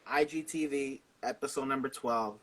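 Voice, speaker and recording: Bright-voiced, enthusiastic man hosting. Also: medium pitch, normal speed. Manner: enthusiastic, exclaiming reactions. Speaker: show host. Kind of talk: casual interview chat.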